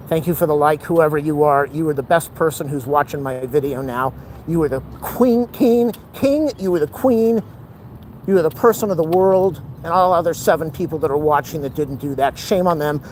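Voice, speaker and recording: A man's voice: on the high side, moderate pace. Breathless, joking man on a walk. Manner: breathless, self-mocking, playful asides. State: out of breath and sweating. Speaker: vlogger. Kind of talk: walking vlog, joking to camera. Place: outdoors on a city street. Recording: outdoor street noise.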